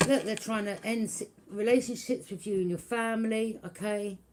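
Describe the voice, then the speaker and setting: A woman's voice: medium pitch, steady tone, normal speed, a little hiss or hum. A woman giving a live tarot reading. She taunts unseen enemies, laughs at them mockingly and keeps checking in with "yeah?". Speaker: tarot reader.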